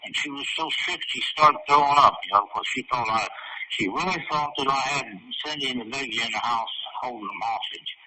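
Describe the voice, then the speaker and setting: A man's voice: medium pitch, brisk, sharp tone. A man being interviewed, telling a long story in a rambling, profane way and chuckling at parts of it. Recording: distant, noisy recording.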